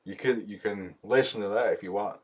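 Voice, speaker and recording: A man's voice: fairly low pitch, brisk. A man prank calling in a put-on Southern hillbilly accent, sounding timid and apologetic. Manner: mock-timid, apologetic, mumbling. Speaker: prank caller. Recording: dull lo-fi phone audio.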